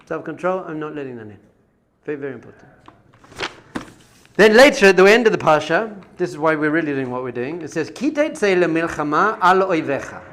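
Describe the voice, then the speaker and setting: A man teaching a Torah class as a rabbi, animated and conversational, full of rhetorical questions. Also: fairly high pitch, brisk, pauses often, a little hiss or hum.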